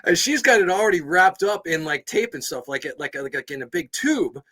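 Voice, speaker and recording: A man co-hosting a podcast, telling a story in casual chat, animated and laughing as he acts out both sides. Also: sits high, a little fast. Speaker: podcast co-host.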